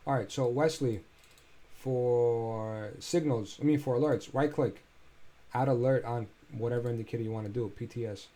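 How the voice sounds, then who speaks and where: A man's voice: medium pitch, normal speed, warm tone. A man casually talking through crypto price charts on a screen share, loose and chatty, thinking aloud with filler sounds and sounding a bit tired. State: tired, yawning.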